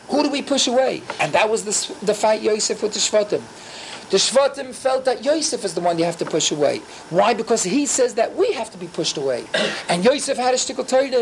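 A man teaching a Torah class, telling stories with animated swings in pitch and many rhetorical questions. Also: vocal fry, a little hiss or hum.

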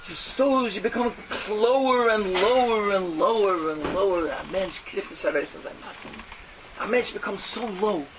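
High-pitched, animated man preaching. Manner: animated, mocking, swings from loud to hushed. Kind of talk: fiery Yiddish-laced sermon. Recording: dull lo-fi recording with faint noise.

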